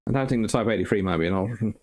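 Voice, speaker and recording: A man's voice: on the low side, racing, darkish tone, slight background noise. A man hosting a live stream, reading out viewer comments and answering them in a casual, rambling way with frequent ums and uhs. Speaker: host answering viewer questions.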